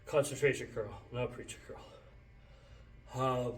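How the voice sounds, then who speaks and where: A man's voice: mid-range voice, a little slow, pauses often. A man coaching a workout in a gym, out of breath and coughing between sets, talking in a loose, casual way. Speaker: fitness trainer. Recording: echoey gym, distant mic.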